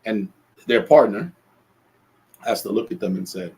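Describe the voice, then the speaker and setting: A man's voice: on the low side, measured pace, gravelly, a little mellow, rough recording. A man hosting a solo podcast, talking earnestly and reflectively, often restarting his phrases. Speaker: podcast host.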